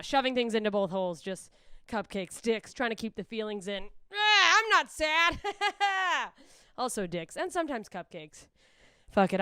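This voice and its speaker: Smooth-voiced woman doing stand-up. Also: dry recording, studio quality. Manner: rambling, self-deprecating, deadpan with sudden high squeals for quoted voices. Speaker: stand-up comedian. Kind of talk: stand-up set performed alone to a camera. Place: club stage streamed with no live audience.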